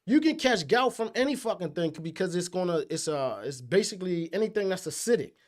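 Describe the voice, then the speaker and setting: A man, co-hosting a casual chat, profane and animated with loud outbursts. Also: high voice, fairly quick. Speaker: podcast co-host.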